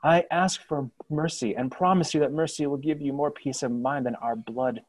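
A captive elf pleads for mercy in a measured, slightly raised voice, as a man plays him. He speaks steadily and reasonably. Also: on the high side, fairly even intonation, a little mellow, voice pushed up, close to an everyday voice. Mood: pleading. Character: calm male elf prisoner pleading.

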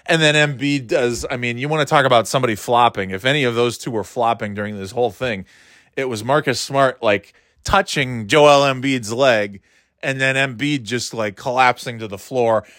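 A man's voice: mid-range voice, normal speed, no echo, studio quality. Profane man ranting about basketball. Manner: profane, rambling, animated, laughs often. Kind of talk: casual sports rant.

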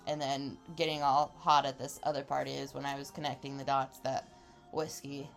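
A woman's voice: extremely low pitch, normal speed, gravelly, soft background music. A woman in her twenties telling a wild story in casual chat, laughing often and acting out what people said. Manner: animated, laughing, acts out quotes. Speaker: podcast co-host.

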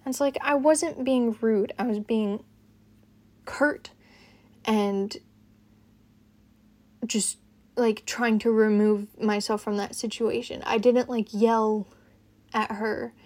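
A young woman hosting her own podcast, rambling casually and haltingly, with lots of "like" fillers. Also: on the high side, steady tone, a little mellow. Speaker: podcast host.

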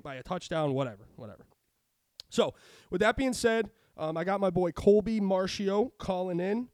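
Male podcast host, high voice, profane and animated, dry booth. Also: no echo. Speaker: sports betting podcast host. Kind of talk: casual chat.

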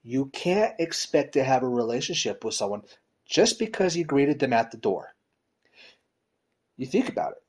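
A man preaching in a relaxed, conversational way, his voice a little husky and his pitch sitting in a middle range. He talks directly to the congregation, often checking in with "you know?" and "right?", and pushes key words louder and higher for emphasis. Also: measured pace, pauses often. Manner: emphatic swings in pitch and loudness. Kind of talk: conversational sermon.

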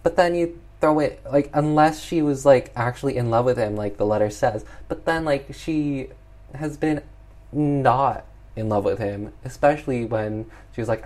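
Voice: medium pitch, a little slow. Chatty exasperated film recapper. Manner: chatty, exasperated, heavy use of "like". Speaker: film reviewer.

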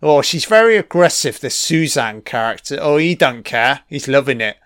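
A man's voice: medium pitch, animated, normal speed, fairly bright tone, clean tone, no echo, clean studio sound. A man giving casual, sarcastic film commentary, swearing constantly and mocking what is on screen. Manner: sarcastic, heavily profane, mocking.

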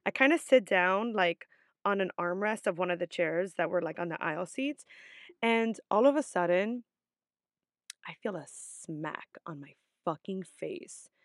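A woman's voice: fairly low pitch, expressive, measured pace, no room sound, studio quality. A young adult woman vlogger telling a story in a casual, chatty way, full of swearing and "like" fillers.

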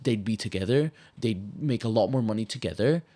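A man's voice: fairly low pitch, expressive, brisk, warm tone. A young man from Malta, co-hosting a podcast in casual chat, heated and ranting and swearing often. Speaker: podcast co-host.

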